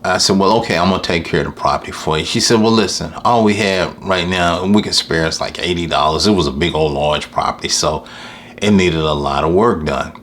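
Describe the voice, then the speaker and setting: Man, low voice, casual animated rant, faint background noise. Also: a little fast. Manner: animated, complaining, acts out customers in high voices. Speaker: lawn care business owner.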